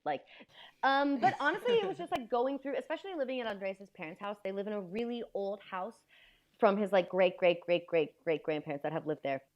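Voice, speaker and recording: An American woman chatting as a podcast guest, telling stories in an animated way and acting out the exchanges she describes. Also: medium pitch, fairly quick. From United States. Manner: animated storyteller who acts out quoted exchanges. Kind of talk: casual chat.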